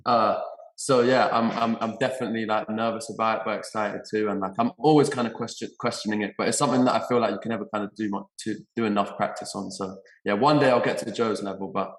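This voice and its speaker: A man's voice: lowish voice, fairly even intonation, quick pace. A young man with an English accent, an actor answering interview questions hesitantly, often repeating his words. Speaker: actor guest. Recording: roomy echo.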